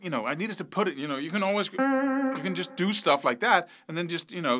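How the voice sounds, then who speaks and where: A man's voice: on the high side, bright, forceful tone. A man giving a casual guitar lesson, rambling a little and counting and scatting rhythms aloud as he demonstrates. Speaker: guitar teacher. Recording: guitar playing under the voice.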